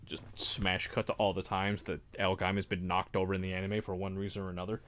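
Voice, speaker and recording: A man's voice: low-pitched, little pitch movement, fast, a bit bright. A man hosting a casual livestream while building a model kit. He rambles, mocks himself and laughs often.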